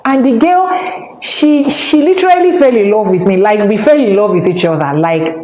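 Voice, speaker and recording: Nigerian woman, mid pitch, animated personal stories, echoey room recording. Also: moderate pace. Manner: animated, switching voices when she quotes others. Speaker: spiritual teacher and channel host. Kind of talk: personal storytelling talk. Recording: echoey room with faint background noise.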